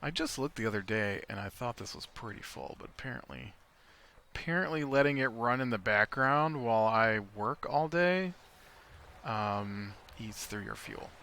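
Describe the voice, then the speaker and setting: A man's voice: medium pitch, animated, moderate pace, gravelly, bright, forceful tone. An American man giving casual gameplay commentary, thinking aloud and rambling with lots of fillers. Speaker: let's play host.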